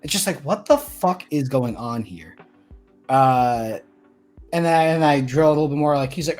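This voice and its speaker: A man's voice: mid-range voice, normal speed, soft background music. Twenty-something guy ranting bluntly on a podcast, swears a lot, voice all over the place. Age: 20s. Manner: blunt, swears, animated storytelling. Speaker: podcast co-host. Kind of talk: casual chat.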